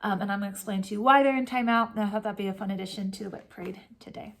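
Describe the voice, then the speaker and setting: A woman hosting a cross-stitch vlog, chatting warmly and emotionally to camera from home, with soft whispered asides. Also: mid-range voice, racing. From California. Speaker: Flosstube host. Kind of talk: casual chat to camera.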